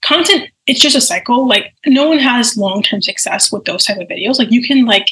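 Fast-talking chatty young woman. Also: on the high side, animated, a bit bright, poor audio. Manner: fast, chatty, many fillers, acts out quotes. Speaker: guest, nail care content creator. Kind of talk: casual podcast chat.

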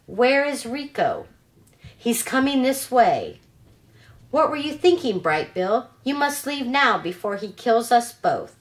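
A woman voicing a calm robot mom from a storybook, talking formal and measured and slow, a touch higher than her own voice. the words come out polite and careful, no hurry in them. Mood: urgent.

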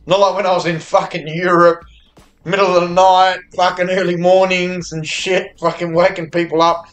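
An Australian man streaming slot games, swearing constantly and cheering loudly at the screen in casual live commentary. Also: high voice, moderate pace, dull audio. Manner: profane, excitable, cheers at the screen. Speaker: slots streamer.

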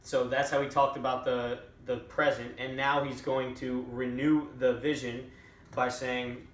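A man's voice: medium pitch, level tone, measured pace. A man summarizing a book chapter in a casual talk, with many fillers and restarts. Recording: echoey room, a little far from the mic.

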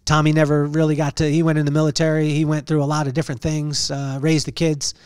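A man's voice: on the high side, completely flat delivery, fast, darkish tone, smooth, no room sound, clean studio sound. A man hosting a podcast, telling a personal story in an earnest, preacher-like way and repeating phrases for emphasis. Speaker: podcast host.

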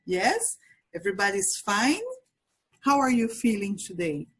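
A woman teaching English to young children, with a Brazilian Portuguese accent, speaking in slow, exaggerated, sing-song teacher talk with lots of repetition. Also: medium pitch, big pitch swings, a bit bright, slightly rough. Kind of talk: children's language lesson.

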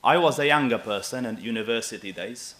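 A man in his thirties preaching a sermon in an animated, emphatic way, often checking with his listeners. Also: mid-range voice, brisk. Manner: animated and emphatic, with asides to the audience.

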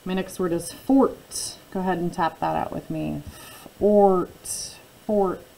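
Female teacher, low gravelly voice, patient phonics lesson for kids. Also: steady tone, dark tone, slight background noise, poor audio. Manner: patient, drawn-out word modeling. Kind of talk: phonics lesson for young children.

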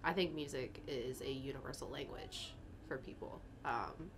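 A woman's voice: very deep voice, normal speed, a little hiss or hum. A young woman speaking candidly as an interview guest, rambling with fillers and getting emotional, at times tearing up. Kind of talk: casual interview talk.

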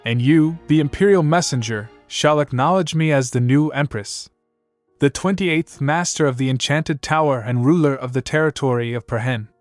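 A man's voice: medium pitch, moderate pace, dry recording, faint music behind, close to an everyday voice. A man voicing a proud, clever young princess who speaks in a cool, formal, commanding way. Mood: determined.

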